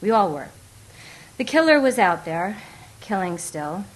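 A woman reading a memoir aloud, with a wry, expressive delivery that often breaks into laughter. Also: mid-range voice, unhurried, low-quality recording. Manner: wry and expressive, often laughing through lines, acts out quoted voices. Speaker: audiobook narrator. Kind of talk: memoir narration.

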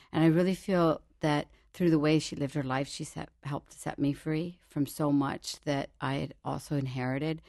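A woman's voice: rumbling low, darkish tone, no echo. A woman panelist on a studio radio talk show, sharing a personal story in a reflective, thoughtful way. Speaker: regular panelist.

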